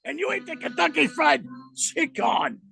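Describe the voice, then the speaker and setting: A man's voice: mid-range voice, lively intonation, a little fast, gravelly, a bit bright, heavily acted. A man voicing a snooty Frenchman who mocks Americans in an exaggerated French accent. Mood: mocking, taunting. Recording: dry studio sound.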